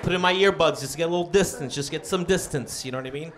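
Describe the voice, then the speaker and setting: A man telling a stand-up story, animated and acting out both sides of a phone call, recorded live in a comedy club. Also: on the high side, quick pace, noisy background. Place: comedy club stage with laughing audience. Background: crowd laughter.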